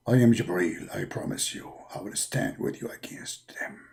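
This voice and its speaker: A man acts out a deep-voiced angel who talks slowly and steadily to reassure. The tone is low and mellow, and the delivery stays lively in pitch. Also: creaky, full character voice. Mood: reassuring.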